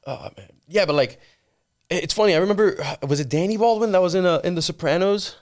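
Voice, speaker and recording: A man hosting a podcast in a studio, laid-back and quick to laugh. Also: high-pitched. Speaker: podcast host. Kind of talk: casual podcast chat.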